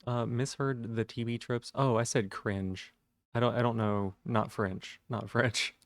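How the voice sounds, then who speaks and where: A man's voice: mid-range voice, fairly even intonation, measured pace, no room sound, studio quality. A man chatting casually on a live stream, rambling with lots of fillers and restarts.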